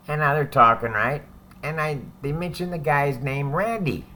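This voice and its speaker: A man's voice: fairly high pitch, normal speed, bright, forceful tone, slight background noise. Profane man spinning a prison yarn. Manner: profane, rambling, with frequent "right?" asides. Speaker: former prisoner telling his story. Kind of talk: casual storytelling.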